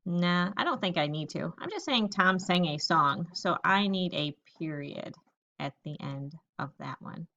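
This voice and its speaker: A woman teacher giving a recorded lesson to young children, reading example sentences slowly and thinking aloud about each one. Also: fairly low pitch, expressive, pushed and bright, muffled recording.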